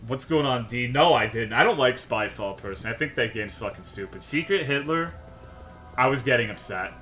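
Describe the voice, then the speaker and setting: A man's voice: mid-range voice, expressive, a little fast, sharp tone, soft background music. A man streaming a game, ranting to his chat in a worked-up, profane way. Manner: profane, worked-up, swears constantly.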